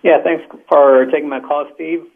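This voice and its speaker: A man's voice: a little high, fairly even intonation, normal speed, gravelly. Hesitant man calling in on a tinny line. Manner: hesitant, many fillers. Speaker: caller. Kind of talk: phone-in discussion.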